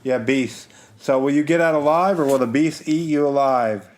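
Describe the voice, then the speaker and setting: A man co-hosting a casual game podcast, easygoing, reading out funding details and gently correcting his co-host. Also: mid-range voice, normal speed. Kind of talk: casual chat previewing crowdfunded games.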